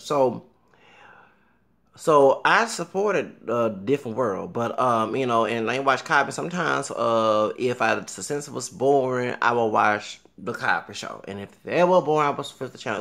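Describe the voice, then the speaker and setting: A man's voice: medium pitch, gravelly. A man, rambling on in a solo vlog and breaking into exclamations. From Southern US. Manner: animated, breaks into singing and exclamations. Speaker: vlogger. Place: small room at home.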